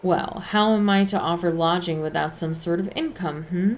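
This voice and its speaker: A smarmy, money-grubbing innkeeper who plays the generous host while fleecing his guests, as a woman puts him on. He talks in loud, wheedling showman patter, in a low, gravelly voice with a fantasy game's flavour. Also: normal speed, slight background noise, lightly acted. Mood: defensive. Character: greedy smarmy male innkeeper, fake-generous.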